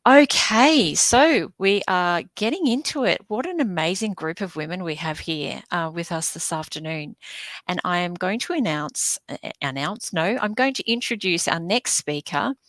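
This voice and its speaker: A woman's voice: on the low side, animated, moderate pace, fairly bright tone, no echo. A woman from Sydney with an Australian accent, hosting an online business event over a video call with chatty fillers and small stumbles. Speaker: event host.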